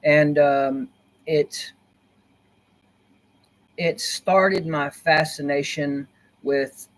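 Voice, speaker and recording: A man's voice: a little high, steady tone, drawn-out words, fairly bright tone. A man talking casually on a livestream from a dim corner of his room, rambling and repeating himself in an earnest, conspiratorial way. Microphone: laptop built-in mic.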